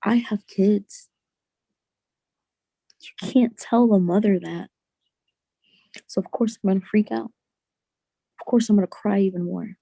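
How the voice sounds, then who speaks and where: A young woman tells her personal story as a guest on an interview podcast. She speaks in an earnest, halting way and often restarts her sentences. Her voice has a gravelly fry and a dark, mellow tone, recorded dry and close. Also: mid-range voice, fairly even intonation, no echo.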